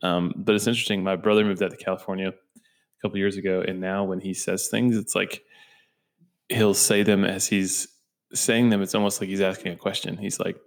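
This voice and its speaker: A man's voice: deep voice, level tone, a little fast. A young man co-hosting a podcast in casual, playful chat, joking and mixing up his inflection. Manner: playful, jokey, shifts inflection for effect. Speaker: podcast co-host.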